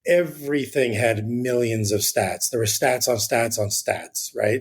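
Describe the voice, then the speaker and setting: A man's voice: mid-range voice, measured pace, hardly any pauses, slightly rough. A man, a real estate agent guest on an interview podcast, telling a rambling anecdote in a casual way with the odd swear word.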